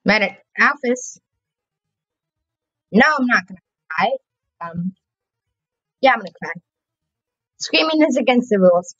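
Brief: young female gamer, bright lively voice, dry muffled home mic. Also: a little high, measured pace, pauses often, no room sound. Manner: playful, chatty, reacting aloud. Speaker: gaming channel host. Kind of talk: casual gameplay commentary.

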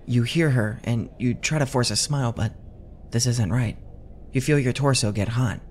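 A man giving scripted second-person horror narration in a measured, tense way. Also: mid-range voice, a little hiss or hum.

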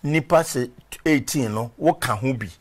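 Man, reverend guest, ex-footballer, conversational, rambling, mid-pitched voice. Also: moderate pace. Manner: rambling storytelling, searching for names. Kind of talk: conversational interview.

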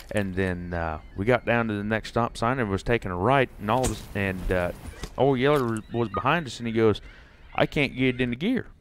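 A low-pitched young man with a drawl talks loosely over a fishing game, restarting sentences and wandering through a folksy tale. A faint hum of background ambience sits under his voice. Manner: rambling, folksy, lots of restarts. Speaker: gaming streamer. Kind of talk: casual gameplay commentary and storytelling.

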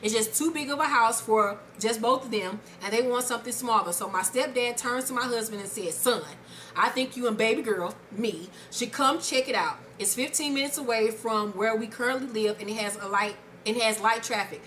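A woman co-hosting an advice chat show, reading a viewer's letter aloud and reacting with loud, profane excitement. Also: on the high side, fairly quick, a little hiss or hum. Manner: animated, profane, exclamatory.

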